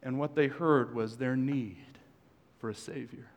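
This pastor's mid-range voice is steady and a little slow as he delivers a conversational sermon in a church sanctuary, adding joking asides for the congregation. Long hall reverb colors the recording.

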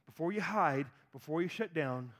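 Animated man preaching, high voice. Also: normal speed. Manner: animated, acts out voices of people in the story. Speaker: pastor. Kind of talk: sermon.

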